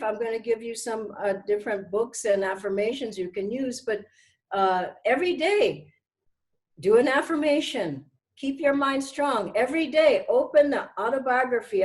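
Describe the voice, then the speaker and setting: A middle-aged woman giving a gentle, earnest spiritual talk to her followers, slowing down to stress key words. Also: fairly high pitch, rough recording. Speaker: spiritual teacher.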